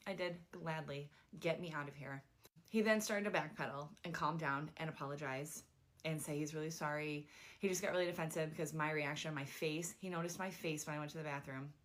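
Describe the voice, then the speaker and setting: Young woman, lower register, chatty storyteller, filler-heavy and animated. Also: a little fast. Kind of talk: casual storytime.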